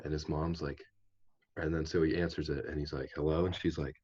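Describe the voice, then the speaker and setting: A young man with an extremely low, husky voice tells a story in a loose, rambling way with plenty of "like" and "um". He is a guest on a casual podcast, recorded with dull, lo-fi audio. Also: level tone, a little fast, a little mellow. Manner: rambling, laid-back storytelling with many fillers.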